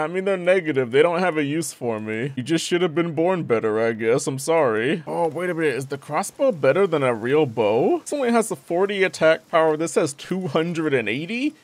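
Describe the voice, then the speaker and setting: A young man giving lively gameplay commentary, talking to the game characters with frequent exclamations. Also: on the high side, no echo. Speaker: gaming YouTuber.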